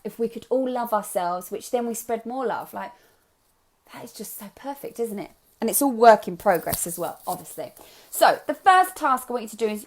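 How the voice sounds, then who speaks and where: A young adult woman coaching a live group on self-love, upbeat and chatty, encouraging her listeners and slipping into playful voices. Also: on the high side.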